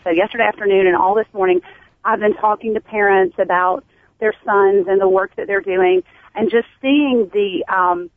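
A woman, a teacher, calling in to a talk show and speaking earnestly. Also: mid-range voice. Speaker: caller, teacher. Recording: tinny phone line.

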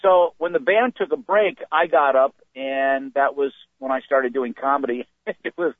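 A man's voice: mid-range voice, normal speed, no room sound. A man in his fifties, a stand-up comedian, telling stories from his life in an interview and acting out the voices of people he quotes. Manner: animated storyteller, acts out quoted voices. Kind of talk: storytelling in an interview. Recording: phone-like dry sound.

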